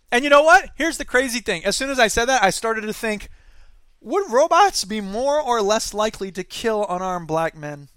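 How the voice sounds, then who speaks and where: A man's voice: high voice, animated, moderate pace, pushed and bright, clear, resonant tone, no echo. A man hosting a satirical news commentary show, reading stories aloud and ranting with sarcasm. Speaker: podcast host.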